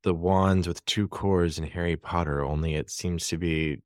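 A man's voice: low-pitched, steady tone, normal speed, a little mellow, no echo, studio quality. A man, a podcast guest, chatting in a laid-back, wry way with hesitant restarts. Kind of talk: casual podcast chat.

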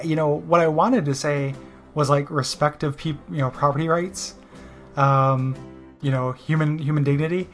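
A man's voice: fairly high pitch, fairly even intonation, brisk, soft background music. A man telling a personal story in a rambling, self-deprecating way, full of "you know" and restarts. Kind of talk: casual spoken monologue.

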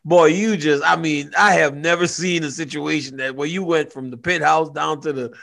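A man voicing a loud, brash promoter, close to his own voice. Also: on the high side, steady tone, moderate pace, gravelly. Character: loud boastful male promoter.

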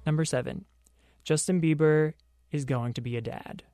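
A man's voice: on the high side, moderate pace, mellow, soft background music. A young man hosting a pop culture podcast on his own, delivering sarcastic commentary full of joking asides. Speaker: podcast host.

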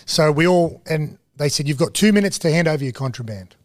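A man in his thirties with an Australian accent, a TV host and former rugby league player, telling animated, slangy stories as a podcast guest. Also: a little high, fairly quick, no room sound, studio quality. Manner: animated, laid-back storyteller, slangy. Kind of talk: casual storytelling interview.

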